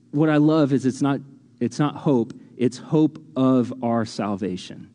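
A man's voice: brisk, dark tone. Male pastor preaching in a reverberant hall. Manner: conversational, many fillers and restarts; rises in pitch acting out imagined voices. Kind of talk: sermon teaching.

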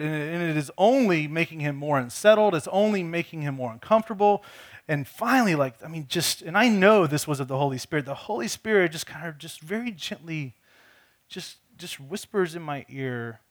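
With a voice on the high side and lively intonation, a male pastor shares a personal story in a conversational sermon. He speaks at a moderate pace, earnest in tone, frequently restarting sentences and repeating words.

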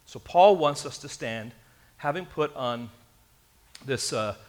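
A man's voice: medium pitch, animated, takes it slowly, a little mellow. A man preaching a sermon in an earnest way, speaking straight to his congregation. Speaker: pastor.

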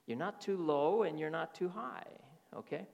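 A man's voice: fairly high pitch, normal speed, gravelly, dull audio. A middle-aged man preaching a sermon as pastor, often checking in with his listeners through rhetorical questions. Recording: reverberant hall.

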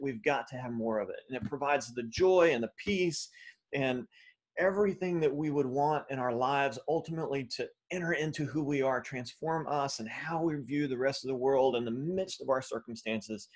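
Man preaching an animated sermon. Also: medium pitch, moderate pace. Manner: animated preaching, frequent fillers and restarts. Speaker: pastor.

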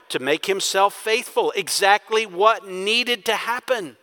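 A man preaching a sermon as pastor, emphatic, swinging from loud urging to quiet intensity. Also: high voice, a little slow, few pauses, big-room sound.

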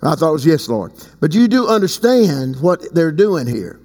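Man, pastor, sermon, slow emphatic lines with sudden high leaps, high voice. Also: big pitch swings, a little mellow. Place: church sanctuary. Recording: long hall reverb.

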